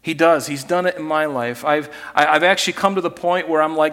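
A man preaching a sermon as pastor, animated and acting out scripture scenes with put-on voices, in a church sanctuary. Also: a little high, normal speed, vocal fry, few pauses, big-room sound.

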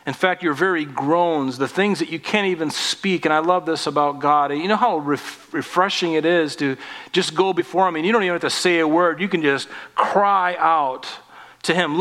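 Male pastor, forties, sermon, booming then hushed, long hall reverb. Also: moderate pace. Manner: swells up on scripture, drops soft on tender points.

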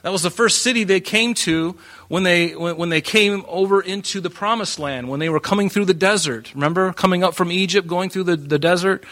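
A man preaching a sermon in an animated way, breaking into joking asides and acting out the voices of the people in his story. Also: high-pitched, brisk. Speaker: pastor.

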